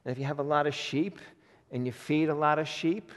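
Folksy male pastor, lively sermon delivery, a bit high-pitched, reverberant hall. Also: a little fast. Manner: animated, folksy, acts out God's voice in quotes.

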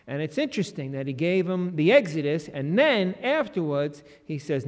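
A man lecturing on the Bible in a large hall with a slide screen behind him. His voice sits a touch high and carries a long reverb through the room. He explains patiently, then lifts into lively, emphatic passages. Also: normal speed, hardly any pauses. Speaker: Bible teacher.

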